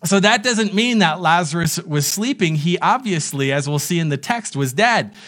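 A man with a notably high, light voice preaches to a church congregation watching online. He tells a story in an easy, conversational way, dropping into playful acted-out dialogue and humorous asides. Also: lively intonation, normal speed, fairly bright tone. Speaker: pastor. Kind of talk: sermon. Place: church service streamed online.

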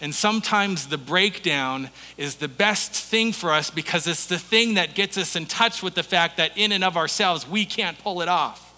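A man's voice: high voice, moderate pace, bright, forceful tone, in a large hall. A male pastor giving a sermon in a conversational, storytelling way.

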